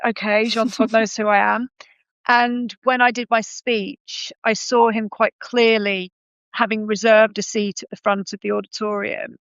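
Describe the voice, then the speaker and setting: A woman's voice: medium pitch, creaky, fairly bright tone, no room sound, highs cut off. A woman in her thirties, a podcast guest, telling her story in a conversational way with frequent ums and self-corrections.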